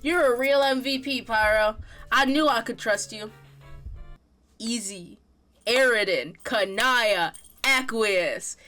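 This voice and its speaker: A woman's voice: on the high side, takes it slowly, bright, forceful tone, soft background music. A woman streamer from Pennsylvania with a Pennsylvania accent, chatting playfully and teasing while reacting. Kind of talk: casual reaction stream chat.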